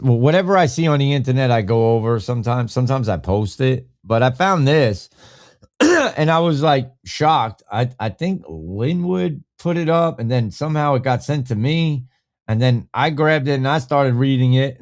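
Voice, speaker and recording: Male podcast host, casual live-stream chat, rambling and profane, pitch swinging widely up and down. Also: animated, moderate pace, darkish tone.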